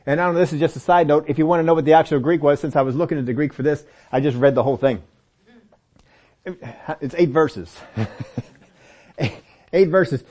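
A man with a fairly high, expressive, slightly mellow voice speaks briskly as he teaches from the Bible in a sermon. He talks straight to his listeners, sometimes naming them, and repeats phrases emphatically for stress.

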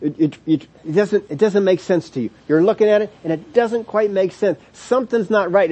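A male Bible teacher in mid-sermon, his voice sitting a little higher than most men's. He leans hard on key words, slowing right down to stress them, then rushes on with restarts and little chuckles as he explains. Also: dark tone, breathy edge. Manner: chuckles between points.

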